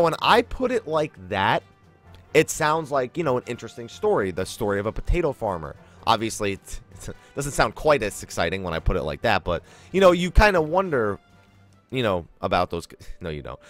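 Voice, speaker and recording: A man giving casual let's play commentary, chatty and rambling, laughing often. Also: mid-range voice. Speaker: gaming YouTuber.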